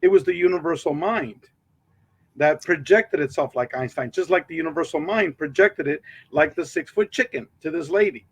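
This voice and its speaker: A man's voice: on the high side, moderate pace, breathy edge, no echo. A man who is a guest in an interview, affirming what the host says and adding brief explanations. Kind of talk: interview conversation.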